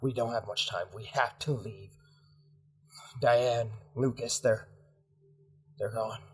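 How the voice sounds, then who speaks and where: A man voicing a male prisoner who urges a friend to flee, hushed, frantic and pleading, with a husky voice. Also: medium pitch, steady tone, takes it slowly. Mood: urgent. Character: urgent male fellow prisoner.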